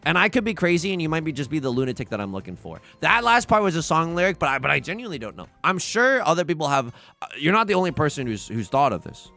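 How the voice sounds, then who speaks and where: Lively, gravelly-voiced male streamer. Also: on the high side, fast, soft background music. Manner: playful, jokey, chatting with viewers. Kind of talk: casual livestream commentary while playing.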